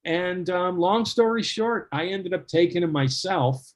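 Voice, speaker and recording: Animated higher-voiced man telling stories. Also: a little slow. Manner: animated, laughing storyteller who acts out quotes. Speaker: guest storyteller. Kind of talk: casual anecdote telling.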